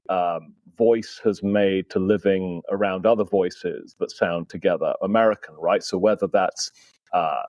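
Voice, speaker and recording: Low-voiced British man, dry close sound. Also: darkish tone, no echo. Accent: British, softened by years in the US. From Britain. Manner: chatty and self-deprecating, with many fillers. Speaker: guest historian. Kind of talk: casual podcast conversation.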